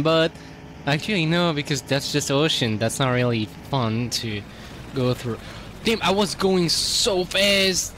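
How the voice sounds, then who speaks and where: A man's voice: mid-range voice, a little slow, fairly bright tone, slight background noise. A man streaming a driving game, commenting loosely and with swearing as he thinks aloud. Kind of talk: casual gameplay commentary.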